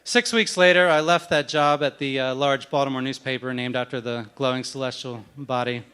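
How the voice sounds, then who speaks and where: A man's voice: mid-range voice, steady tone, fairly quick, a bit bright, clean tone. A man in his thirties telling a wry, self-deprecating story on stage at a live event, acting out the other people in it.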